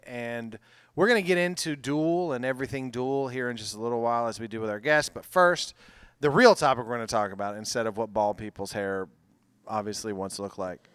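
A man's voice: medium pitch, clean tone, dry recording. A middle-aged man hosting a casual comedy podcast, swearing freely and telling stories with lots of energy. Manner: profane, animated storytelling. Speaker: podcast host.

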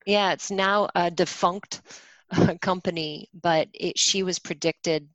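A woman's voice: on the low side, steady tone, slow pace, fairly bright tone, no room sound, rough recording. A woman guest on a podcast, talking in a casual, rambling way with many fillers and restarts. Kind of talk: casual conversation.

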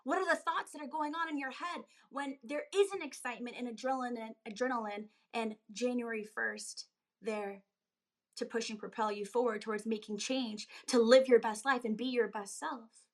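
A woman's voice: fairly even intonation, normal speed. A woman fitness coach giving an emphatic motivational talk on a live stream, building to urgent, pressing delivery. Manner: emphatic, rising to pitched urgency. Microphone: phone on a live video.

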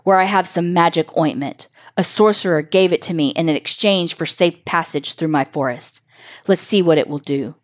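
A woman voicing a huge talking lion that eats trespassers, speaking slowly and menacingly. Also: fairly low pitch, natural voice. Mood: grudging. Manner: slow, menacing, roaring. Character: huge man-eating talking lion, fierce and hungry.

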